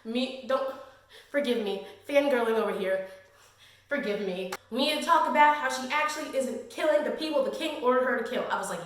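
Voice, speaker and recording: A high-voiced woman gushes through a casual book review, slangy and openly fangirling. Her voice rings around a very echoey room. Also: brisk, fairly bright tone.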